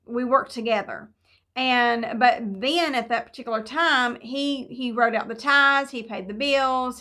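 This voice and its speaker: A middle-aged woman tells a personal faith story. Her voice is bright and clear, set a little high. She rambles warmly through fillers and restarts. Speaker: devotional speaker. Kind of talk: personal testimony devotional.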